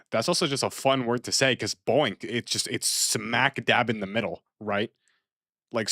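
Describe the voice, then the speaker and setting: A playful man talks through a game on stream, rambling and circling back to repeat his points. His voice sits fairly low. The sound is dry and close, with no room around it. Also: bright, forceful tone, no echo. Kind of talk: casual gaming stream commentary.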